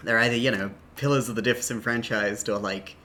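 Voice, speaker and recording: A woman's voice: rumbling low, steady tone, brisk, a bit bright, slight background noise. A woman streaming a video game in casual commentary, joking, laughing often and swearing casually.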